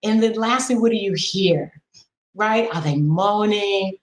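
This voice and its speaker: A middle-aged woman speaking as a podcast guest and sex educator, frank and animated, coaching listeners with a string of rhetorical questions. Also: medium pitch, measured pace, echoey room, poor audio. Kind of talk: podcast conversation.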